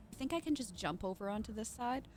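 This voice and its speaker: Excitable, swearing woman streamer. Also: on the high side, very noisy. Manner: excitable, swearing, shrieks in panic. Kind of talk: live game stream commentary.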